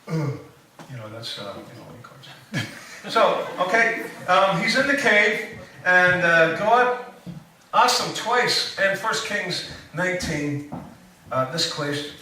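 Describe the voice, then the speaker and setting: Guy preaching a chatty sermon, lots of ums, bit high voice, super echoey room. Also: big pitch swings, slow, sharp tone, recorded from a distance. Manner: rambling, joking asides, many fillers. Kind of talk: casual sermon. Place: church hall.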